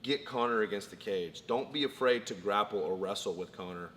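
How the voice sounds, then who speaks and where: A man with a somewhat low voice breaks down a fight point by point in relaxed talk. His voice carries a long room reverb. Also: a little fast. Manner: methodical, lists points in order. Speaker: co-host, fight analyst. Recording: long reverb, faint background noise.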